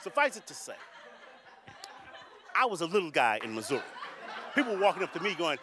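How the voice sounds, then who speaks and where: A man's voice: fairly high pitch, a little fast, long pauses, a faint crowd, a little hiss or hum. A man performing a stand-up comedy routine, telling stories with jokey asides. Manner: animated storytelling with jokey asides. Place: comedy stage with live audience. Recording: live comedy club audio with laughter.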